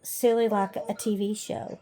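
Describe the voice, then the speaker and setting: A woman, talking slowly and hesitantly in a personal vlog, pausing often with "um". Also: medium pitch, flat delivery, warm tone. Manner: slow, hesitant, many "um"s and pauses. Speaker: hobby farm vlogger.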